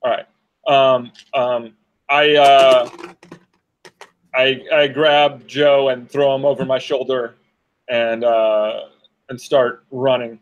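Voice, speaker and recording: A man playing a tabletop game, earnest and quick to object to the game master. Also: medium pitch, flat delivery, dull audio. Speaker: player. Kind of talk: casual tabletop play.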